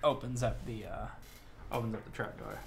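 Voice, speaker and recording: A man's voice: fairly low pitch, fairly even intonation, moderate pace, vocal fry, a little hiss or hum. A man narrating as game master of a tabletop game, in casual, filler-heavy narration.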